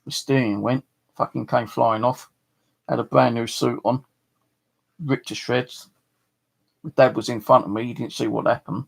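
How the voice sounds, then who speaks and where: A middle-aged man from southeast England tells stories to his channel, rambling casually to camera and swearing freely. His medium-pitched voice is gravelly and steady, at normal speed with long pauses.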